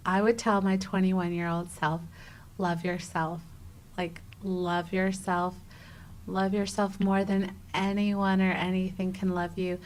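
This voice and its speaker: Animated woman in her thirties telling a story. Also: mid-range voice, moderate pace, hardly any pauses, slight background noise, rough recording. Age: 30s. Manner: animated, acts out quoted dialogue with many "like"s. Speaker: guest, travel writer. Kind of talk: casual interview storytelling.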